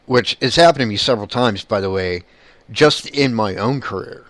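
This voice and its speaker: A man's voice: on the low side, normal speed, a bit bright, dry recording. A man who is a paranormal investigator, talking bluntly in a casual monologue and swearing casually.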